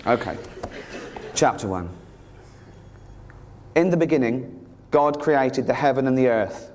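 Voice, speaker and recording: A man doing a stand-up routine, sardonic and mocking, often jumping up into a high, exasperated pitch. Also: lively intonation, measured pace, darkish tone. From England. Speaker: stand-up comedian. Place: theatre stage with live audience.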